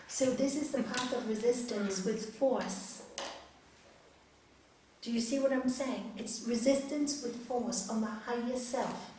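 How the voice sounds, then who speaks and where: A woman's voice: fairly high pitch, measured pace, slight background noise. A middle-aged woman yoga teacher telling a spiritual story to a group, acting out the voices of its characters. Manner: animated storytelling, acts out voices. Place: hall. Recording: echoey hall, from far off.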